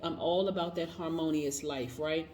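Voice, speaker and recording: A woman giving an upbeat tarot reading to camera, hyping her viewers with quick motivational chatter and affirmations. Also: sits low, roomy sound. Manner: energetic, hype-style motivational chatter with affirmations. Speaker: tarot reader.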